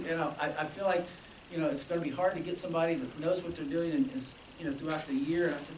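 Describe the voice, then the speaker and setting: A man's voice: sits high, fast. Man addressing alumni in an echoey room. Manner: chatty, with quoted dialogue and laughs. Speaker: band director. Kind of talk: informal speech to alumni. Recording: echoey room from far off, with noise.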